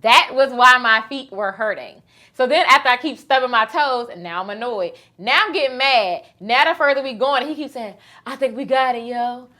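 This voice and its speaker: A woman in her thirties hosting a casual chat, telling a story in an animated, teasing way. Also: a little high, normal speed. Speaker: host.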